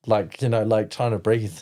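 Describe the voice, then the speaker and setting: A man's voice: lowish voice, warm tone. A man from New Zealand as a podcast guest, telling his own story candidly, rambling with many "like" fillers and blunt swearing.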